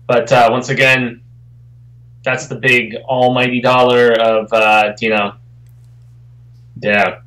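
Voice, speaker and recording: A man's voice: medium pitch, flat delivery, takes it slowly, pauses often, a bit bright, poor audio. Man, co-host, casual chat, laid-back, agreeable. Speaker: podcast co-host.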